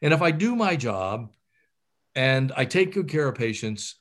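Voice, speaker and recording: A man's voice: mid-range voice, very animated, measured pace. A middle-aged man, a surgeon, gives career advice in an interview, talking animatedly with many fillers and restarts.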